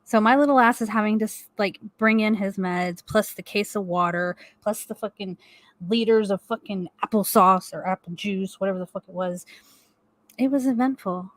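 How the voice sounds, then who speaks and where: A middle-aged woman co-hosting a live stream from home, spilling a story with plenty of swearing and quick laughs. Her voice sits at an ordinary pitch and sounds close and dry, with no room around it. She is animated and blunt throughout. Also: dry recording. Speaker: co-host of a live stream chat. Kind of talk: casual profane storytelling.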